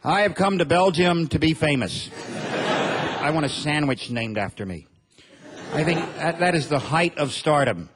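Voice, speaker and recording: A man from Montana performing a stand-up comedy set on stage, with a deadpan, drawling delivery. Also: a little high, moderate pace, noisy background. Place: comedy stage before an audience.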